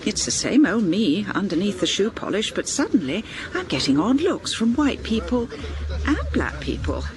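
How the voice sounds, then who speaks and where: A woman's voice: mid-range voice, very animated, moderate pace, over music. An actress playing a neurotic, scatterbrained older mother in a radio comedy, with a fluttery, dotty delivery.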